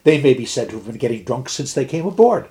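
A man's voice: mid-range voice, big pitch swings, fast, warm tone, pitched above the performer's own voice, lightly acted. A man voicing a practical, dutiful first lieutenant in a read-aloud fable, speaking bluntly but respectfully. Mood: earnest, practical.

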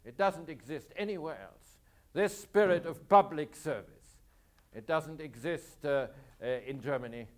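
A man with a high voice lectures on history to a class. He speaks emphatically, poses rhetorical questions and answers them himself, and repeats his key points to drive them home. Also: a little slow.

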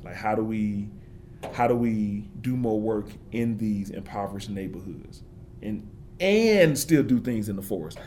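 A man's voice: fairly low pitch, lively intonation, measured pace, warm tone, a little hiss or hum. A man giving an interview, talking with passion and building points through emphatic repetition. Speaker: forester and interview guest.

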